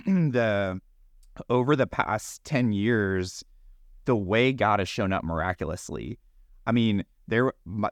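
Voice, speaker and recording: A man's voice: lowish voice, dry recording, clean studio sound. A middle-aged man, a ministry founder, telling his faith story earnestly and reflectively in a church interview, often restarting his sentences.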